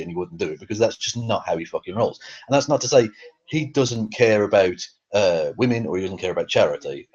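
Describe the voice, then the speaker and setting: Husky, sweary man ranting. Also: fairly low pitch, darkish tone, muffled recording. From England. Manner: angry, sweary, with many fillers. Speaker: YouTube commentator. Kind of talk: ranting commentary on a feud.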